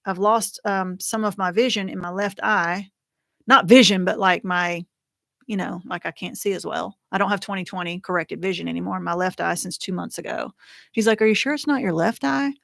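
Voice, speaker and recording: A middle-aged woman talks through a livestream, rambling and chatty as she tells her story, with many fillers and false starts. Her voice sits at an ordinary pitch for a woman. The sound is dry and close, with little room around it. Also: creaky, fairly bright tone, no echo. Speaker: host of a widows' support livestream. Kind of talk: casual livestream chat. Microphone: computer or phone mic for a livestream.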